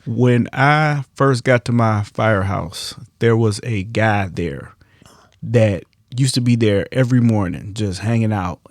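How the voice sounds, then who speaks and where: A man's voice: on the low side, a little slow, no echo, studio quality. Easygoing male podcast host, laughs often. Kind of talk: casual podcast chat.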